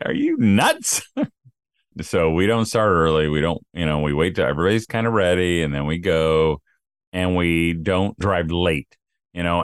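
A man's voice: a bass voice, smooth, dry recording, studio quality. A middle-aged man co-hosting a casual podcast, telling rambling stories and acting out the people he quotes. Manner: rambling storyteller, acts out quotes. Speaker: podcast co-host. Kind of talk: casual chat.

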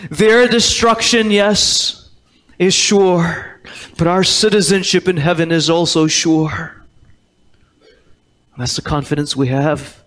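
A man's voice: on the high side, fairly even intonation, takes it slowly, pauses often, a bit bright. A man preaching a sermon as pastor, emphatic and repeating key words, quoting scripture in old-fashioned wording. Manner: quotes scripture in King James wording. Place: church sanctuary.

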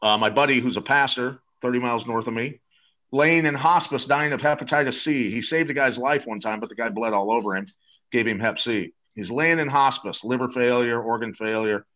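A man's voice: medium pitch, a little fast, pushed and bright, dull audio. A man talking as an interview guest, eager and salesy, rambling with many restarts. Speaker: guest promoting a supplement. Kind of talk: casual interview talk.

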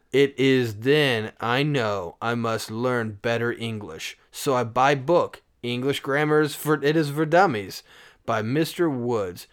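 A man's voice: mid-range voice, clear, resonant tone, lightly acted. A man putting on a boastful Russian immigrant, Nikolai. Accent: put-on Russian. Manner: broken English, grandiose.

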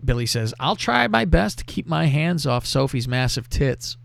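A man hosting a casual show, telling a crude story in a lively, profane way and reading out text messages. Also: medium pitch, normal speed, gravelly. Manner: animated, profane, reads out texts with laughter. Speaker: podcast host.

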